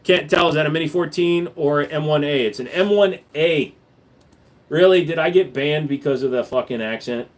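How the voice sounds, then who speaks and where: A man's voice: a little high, normal speed. Blunt man answering livestream chat. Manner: blunt and profane, with loose fillers. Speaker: gun channel host. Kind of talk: casual livestream Q&A reading chat.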